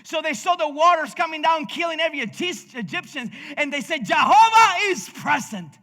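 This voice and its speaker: A man's voice: very high-pitched, brisk, sharp tone, long reverb tail. A male pastor with a Spanish accent preaching a passionate sermon, with frequent restarts and laughs. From Cuba. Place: church sanctuary.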